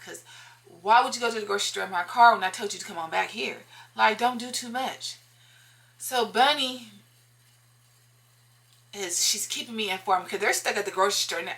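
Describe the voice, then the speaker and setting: A woman's voice: medium pitch, normal speed, vocal fry, pauses often, a bit bright. A woman telling a personal story in a casual, emphatic way, often repeating lines for effect and talking straight to her viewers.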